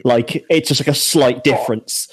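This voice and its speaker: Casual podcast co-host: man, Shropshire accent, relaxed, jokey delivery. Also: medium pitch, moderate pace, slightly rough. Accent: Shropshire English. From Shropshire, England. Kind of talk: casual chat.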